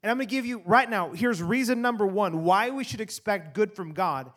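A man preaching a sermon in an animated way, swinging from loud emphasis to quiet asides. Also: high voice, a little fast. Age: adult parent. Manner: animated preaching, rising and dropping to soft asides. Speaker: pastor.

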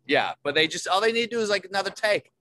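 A man's voice: high voice, expressive, quick pace, sharp tone, no room sound. A man, an actor, telling rambling self-deprecating stories in a casual interview, with many fillers and restarts. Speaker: actor guest.

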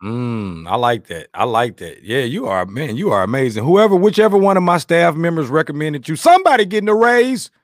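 Man, joking podcast host, lively up-and-down pitch, fairly high voice, dry close sound. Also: fairly quick, few pauses, dry recording. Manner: playful, joking, animated. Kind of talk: casual chat.

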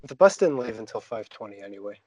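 A young man co-hosting a podcast, dropping dry deadpan quips in casual chat. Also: fairly low pitch, fast talker, no room sound. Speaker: podcast co-host.

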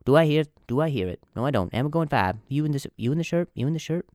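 A man's voice: a little high, animated, darkish tone, dry recording, clean studio sound, close to an everyday voice. A man playing an auctioneer who keeps calling bids and stumbling on the numbers with a stutter. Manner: rapid bid-calling with stalls and repeats.

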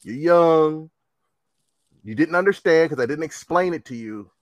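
A man voicing a calm, patient male store manager who speaks softly and reassuringly. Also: on the high side, a little slow, no echo. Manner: soft, even, reassuring.

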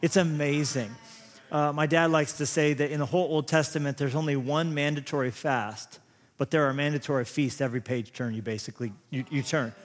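A man's voice: a little high, fairly even intonation, brisk. A man in his thirties preaching a sermon, telling rambling, self-deprecating stories full of restarts. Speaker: pastor. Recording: long hall reverb.

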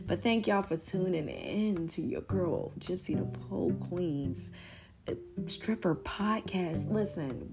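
A low-voiced woman hosting her own podcast, talking straight to her listeners as "y'all" with an American accent that drifts between northern and southern. She rambles along in a chatty, playfully boastful way over guitar music. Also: slow pace. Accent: American, mixing northern and southern. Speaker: podcast host. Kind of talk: casual solo podcast monologue.

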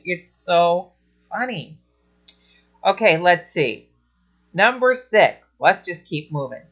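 Slow-talking woman teaching, lo-fi sound. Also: fairly low pitch. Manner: earnest, amused, reads scripture aloud expressively. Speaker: children's ministry teacher. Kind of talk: teaching talk on storytelling. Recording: dull lo-fi recording.

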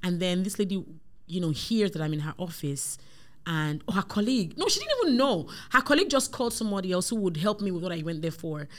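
A woman's voice: on the low side, animated, fast. A young woman chatting as a podcast guest, telling stories animatedly with plenty of fillers. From Nigeria. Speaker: guest, tech influencer. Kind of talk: casual conversation.

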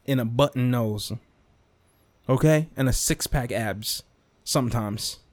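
A young man hosting a podcast, ranting casually with lots of swearing, repetition and quick asides. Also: medium pitch, no echo. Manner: animated, profane, repetitive, swings into mock whispers and impressions. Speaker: podcast host. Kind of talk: casual rant monologue.

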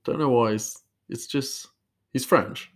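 A man's voice: mid-range voice, slow. A man, a chef, talking casually on a podcast, rambling and hesitant with plenty of laughs.

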